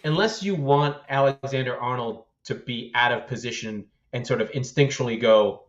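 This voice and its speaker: A man co-hosting a football podcast in loose, animated chat, swearing freely and laughing between points. His voice sits at a middling pitch, and the audio sounds slightly dull and muffled. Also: normal speed. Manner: animated, profane, laughs often. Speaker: podcast co-host.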